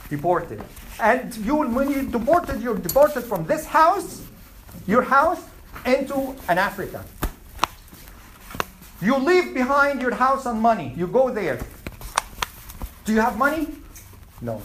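A woman's voice: on the high side, noisy background. A woman teaching an Islamic class, asking her students questions and repeating her points. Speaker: religious teacher.

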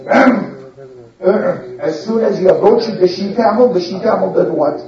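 A man's voice: sits high, normal speed, background noise. A man telling a folk story to listeners, asking them questions and acting out the characters' voices and sounds. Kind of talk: animated oral storytelling to listeners. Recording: echoey room, from far off, dull sound.

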